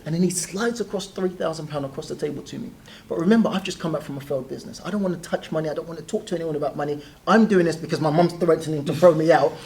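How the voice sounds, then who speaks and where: Animated man telling stories. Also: fairly high pitch, very fast, creaky. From South East London. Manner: animated, laughs often while telling stories. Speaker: guest. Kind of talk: casual interview storytelling.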